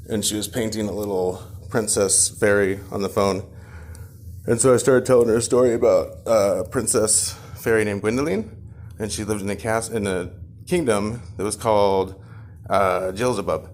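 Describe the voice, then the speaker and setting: A man spins a bedtime story off the cuff in a low, easygoing voice. He talks casually, with pauses and fillers as he makes it up. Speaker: parent telling a bedtime story.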